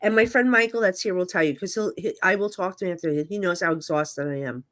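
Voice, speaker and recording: A woman's voice: fairly low pitch, fast, a bit bright. A middle-aged woman, a psychic medium guest, telling emotional stories candidly in casual chat. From New Jersey. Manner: candid, emotional storytelling with frequent fillers.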